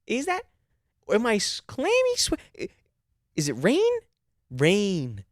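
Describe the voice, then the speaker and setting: A man's voice: high-pitched, huge pitch swings, takes it slowly, dry recording, studio quality, pitched above the performer's own voice, exaggerated voice. A man voicing a haughty, controlling woman restaurant manager while telling a story on a podcast. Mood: bossy. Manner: bitchy, controlling tone. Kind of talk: acted quote in a storytelling podcast.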